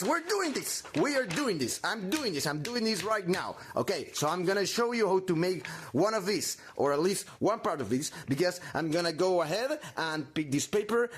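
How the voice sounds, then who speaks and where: A man giving a theatrical craft tutorial, halting and melodramatic, talking to himself with mock anxiety. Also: fairly high pitch. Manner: halting, many restarts.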